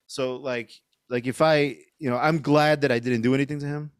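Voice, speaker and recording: A man's voice: medium pitch, fairly even intonation, moderate pace, smooth, no room sound, clean studio sound. A middle-aged man, a podcast guest, telling a story casually with lots of fillers and swearing. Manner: rambling, profane, lots of fillers.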